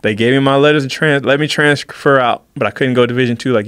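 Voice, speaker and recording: A man recounting a personal story at a rapid clip, lively and animated as he acts out what others said to him. His voice is close and dry, with no room sound around it. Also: medium pitch, smooth, dry recording. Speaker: podcast guest, fighter. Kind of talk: casual storytelling.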